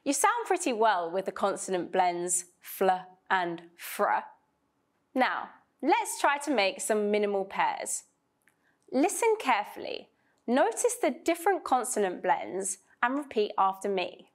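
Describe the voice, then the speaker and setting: A woman teaching English pronunciation in a slow, scripted lesson, drilling sounds clearly and deliberately. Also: mid-range voice, very animated.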